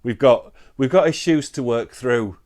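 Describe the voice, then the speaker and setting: A man's voice: medium pitch, a little slow, darkish tone. A man from Britain chatting casually to camera as a book vlogger, rambling and self-deprecating, often restarting his sentences.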